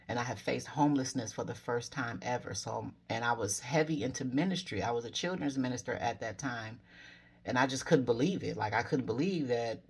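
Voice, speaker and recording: A woman's voice: extremely low pitch, husky. A woman in her forties telling personal spiritual stories to her viewers in a casual, earnest way, often correcting herself mid-story and giving encouraging advice. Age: 40s. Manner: encouraging advice to fellow dreamers. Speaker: spiritual vlogger.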